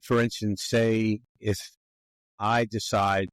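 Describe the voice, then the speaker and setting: A man's voice: fairly low pitch, level tone, takes it slowly, clear, resonant tone, no echo. A man from the Philadelphia area with a Philadelphia accent, hosting a podcast and asking long, folksy, rambling questions. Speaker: podcast host. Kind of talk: conversational interview questions.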